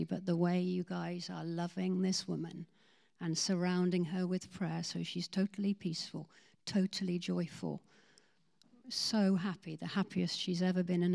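A woman leads a sermon from the front of a church, telling stories of the people she met and playing out their words. Her voice sits low and carries a gravelly edge. The tone is mellow and warm rather than bright. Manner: animated storytelling, acting out quoted voices. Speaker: ministry team leader. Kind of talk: sermon testimony.

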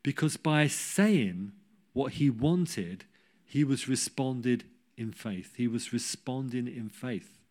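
A man preaching a sermon, telling a Bible story with humorous asides and rising to loud cries when he quotes. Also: mid-range voice, takes it slowly.

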